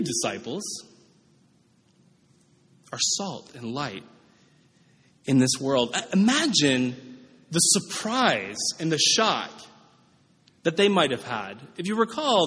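Husky male pastor in a reverberant hall. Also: high voice, a bit bright. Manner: conversational preaching with frequent "right?" asides. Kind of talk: sermon.

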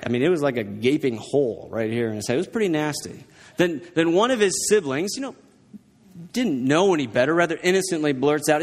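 A man's voice: on the high side, lively intonation, brisk, big-room sound. A male pastor preaching a sermon, telling a personal story in a conversational way and often checking in with the congregation. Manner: conversational, keeps checking in with the listeners.

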